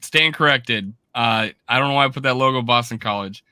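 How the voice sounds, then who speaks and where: A man's voice: mid-range voice, brisk, sharp tone, smooth, no echo, studio quality. A man hosting a casual sports podcast, talking in a rambling, self-deprecating way. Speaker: podcast host.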